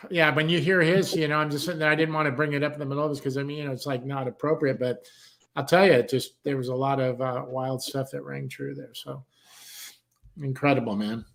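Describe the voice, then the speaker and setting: A man's voice: medium pitch, fairly even intonation, quick pace, vocal fry. A man, a country music artist, telling a long personal story on a talk show, acting out the other people's voices as he goes and swearing casually. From San Diego, California. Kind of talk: animated storytelling.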